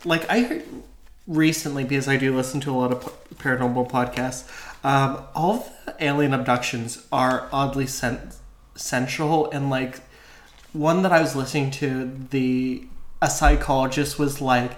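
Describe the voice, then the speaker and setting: A man co-hosts a relaxed podcast, chatting and joking along. His talk is loose and full of um fillers, in an everyday mid-range voice. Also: mid-range voice, moderate pace. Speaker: podcast co-host. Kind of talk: casual podcast chat.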